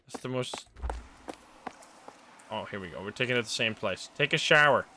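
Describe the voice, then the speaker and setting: A man's voice: mid-range voice, lively intonation, moderate pace, bright, forceful tone, a little hiss or hum. A man thinking aloud and reacting to the game as he plays, on a live gameplay stream.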